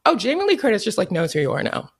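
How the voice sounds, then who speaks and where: A young woman telling stories as an interview guest in casual chat, animated, laughing often and swearing freely. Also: mid-range voice, rapid-fire, vocal fry, husky. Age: young adult.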